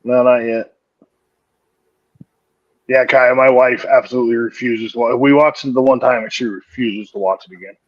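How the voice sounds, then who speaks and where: A man with a husky, raspy voice jokes through a casual chat at an unhurried pace. The sound is dull and lo-fi, dry with no room echo. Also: medium pitch, fairly even intonation. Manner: joking, laughs often, swears. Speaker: co-host.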